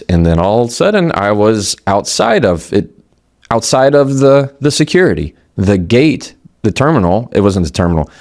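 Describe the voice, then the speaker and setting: Lively low-voiced man telling a story. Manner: conversational, animated, with quoted dialogue and restarts. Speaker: attorney and communication speaker. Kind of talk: motivational talk with storytelling.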